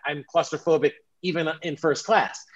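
Male panelist, enthusiastic, quick asides, somewhat high, dull lo-fi recording. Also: steady tone. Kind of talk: casual panel chat. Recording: dull lo-fi audio.

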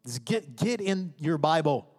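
A man with a high, bright voice preaches from the stage, his words ringing through a reverberant sanctuary. He talks emphatically and conversationally, slipping into the voices and prayers of his congregation. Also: animated, unhurried, breathy edge. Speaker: pastor. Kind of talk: sermon. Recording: reverberant hall.

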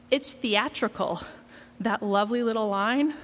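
A woman's voice: on the high side, unhurried, long reverb tail, a little hiss or hum. A woman preaching a sermon in a conversational, wry, self-deprecating way. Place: church.

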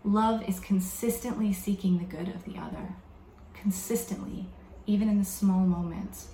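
A woman preaching a sermon in a reflective, measured way, slowing down to stress key words. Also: medium pitch, a little mellow, slight background noise. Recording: echoey room with faint background ambience.

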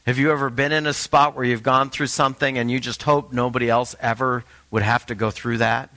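A man's voice: medium pitch, level tone, a little fast, bright, forceful tone, low-quality recording. A man preaching a sermon, talking to the congregation in a conversational way and asking them questions. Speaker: pastor.

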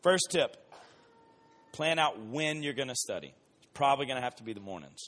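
A man's voice: medium pitch, lively intonation, brisk, fairly bright tone. A man giving a humorous, rambling youth sermon. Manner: rambling, joking storytelling. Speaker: youth speaker.

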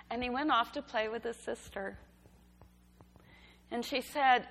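A woman giving a sermon, telling a story in a gentle, unhurried way. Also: a little high, steady tone. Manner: slow, gentle storytelling delivery. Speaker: preacher. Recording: reverberant hall.

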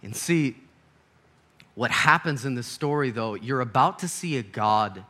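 A young man preaching an animated sermon, swinging from hushed to loud and laughing often. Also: medium pitch, measured pace.

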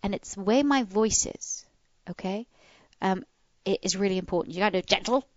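A woman co-hosting a podcast, chatting casually and explaining how to train a dog, acting out soft commands as she goes. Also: fairly quick, no room sound, muffled recording. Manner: animated, demonstrates commands in a soft low voice.

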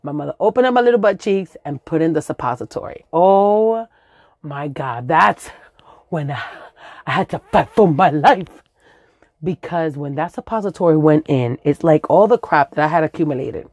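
Animated New woman telling a story. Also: deep voice, moderate pace, no echo, studio quality. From Brooklyn, New York. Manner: animated, profane, acts out voices in shrieks. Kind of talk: comic personal storytelling.

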